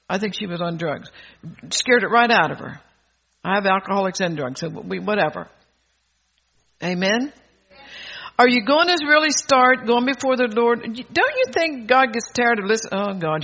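A man's voice: sits high, animated, moderate pace, pauses often, sharp tone. An older man preaching a sermon, bold and exhorting, chuckling between phrases, on a dull lo-fi recording.

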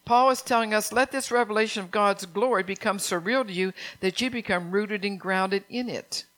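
A woman's voice: mid-range voice, moderate pace, a bit bright. An older woman preaching an earnest sermon, reading scripture aloud and asking her congregation questions.

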